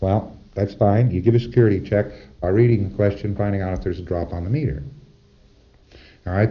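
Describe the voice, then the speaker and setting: A man giving a lecture in an emphatic, rhetorical manner, often checking in with his listeners. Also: deep voice. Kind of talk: recorded lecture. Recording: dull lo-fi 1960s lecture tape.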